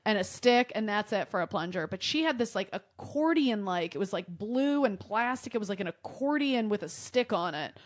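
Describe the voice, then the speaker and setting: A woman's voice: medium pitch, moderate pace, hardly any pauses. A young adult woman from Michigan, a podcast guest telling a comic story in casual chat and swearing freely. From Michigan, USA. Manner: swears freely, animated and exaggerated.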